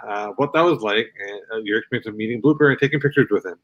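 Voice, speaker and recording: A man's voice: fairly low pitch, racing, a bit bright, highs cut off. A man hosting a casual interview show, friendly and encouraging, with plenty of fillers and restarts. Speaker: podcast host.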